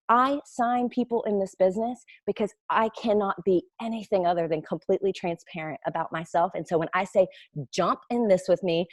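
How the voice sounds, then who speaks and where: A woman's voice: mid-range voice, no room sound, studio quality. A woman, a network marketing recruiter talking casually and animatedly to her team. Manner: chatty, animated storyteller with playful quoted voices. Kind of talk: casual webinar talk.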